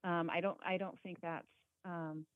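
A woman guest on a podcast, talking casually and reflectively, soft-spoken with pauses. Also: lowish voice, little pitch movement, no echo. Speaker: guest, quilt designer and author. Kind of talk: casual interview chat. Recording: thin phone-like line.

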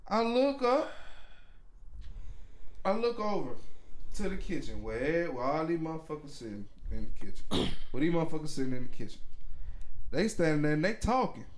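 A man's voice: on the high side, normal speed, long pauses. A man telling a long story in casual podcast chat, acting out the people in it with heavy slang. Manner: animated storyteller, acts out quotes, heavy slang. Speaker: podcast co-host.

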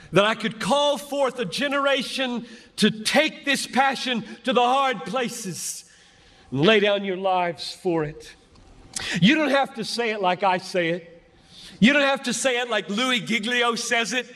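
An older man preaches with a high voice, slow and deliberate, stacking phrase on phrase with fervent conviction. His words ring out through a large hall with a long reverb trailing behind them. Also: a bit bright. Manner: earnest, building repetition, fervent. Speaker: pastor. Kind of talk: sermon.

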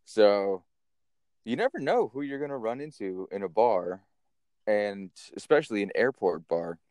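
A man hosting a podcast, telling stories in a casual, animated way and swearing now and then. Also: on the low side, measured pace, dry recording. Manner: animated, chatty storyteller who swears casually. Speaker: podcast host. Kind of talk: casual storytelling.

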